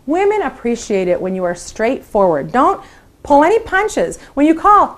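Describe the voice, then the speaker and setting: A woman's voice: high voice, normal speed. Upbeat woman coaching new sales recruits. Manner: upbeat, encouraging, acts out phone calls in lively voices. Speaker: sales team leader training new consultants. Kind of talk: training talk to camera.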